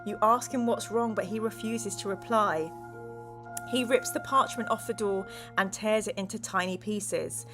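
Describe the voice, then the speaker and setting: A woman's voice: medium pitch, normal speed. Playful woman streamer reading a gamebook. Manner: animated, playful and dramatic, chatting with viewers. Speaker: streamer and host. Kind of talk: reading a gamebook aloud to a live chat. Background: music.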